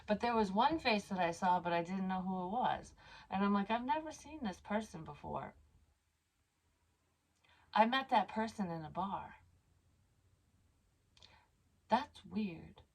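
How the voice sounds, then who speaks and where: A woman's voice: mid-range voice, animated, measured pace. A woman telling a personal story in a casual, rambling way, blunt and full of swearing and asides. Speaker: psychic medium vlogger.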